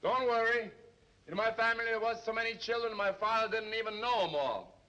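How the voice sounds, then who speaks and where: An actor playing an excitable, fretful man who is into astrology, in comically gloomy 1930s film comedy style. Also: high-pitched, fairly quick. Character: jittery excitable man, cab driver's roommate and astrology buff. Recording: muffled hissy 1930s film soundtrack.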